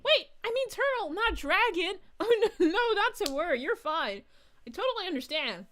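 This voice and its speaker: A woman's voice: very high-pitched, big pitch swings, moderate pace, a bit bright, heavily acted. A woman voicing a bubbly, giggly young princess as a VTuber streamer, chatting with viewers in character. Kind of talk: in-character livestream chat.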